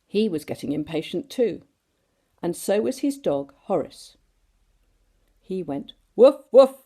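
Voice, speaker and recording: Woman, expressive storybook reader, warm gravelly tone, very lively pitch. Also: a little slow. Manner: animated, does sound effects and asks the listeners questions. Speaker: storyteller reading to children. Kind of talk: expressive storybook reading aloud.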